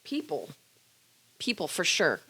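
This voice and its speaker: A woman's voice: on the low side, huge pitch swings, bright, forceful tone, breathy edge. A woman co-hosting a podcast in casual chat, teasing and joking often. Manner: teasing, quick jokes, laughs often. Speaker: podcast co-host.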